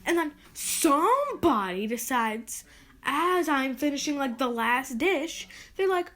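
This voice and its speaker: High-pitched woman hosting a podcast alone, rambly and fed up, says like a lot. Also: very animated, slow pace, a bit bright. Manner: rambling and exasperated, with many "like"s. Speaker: podcast host. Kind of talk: casual solo podcast rant.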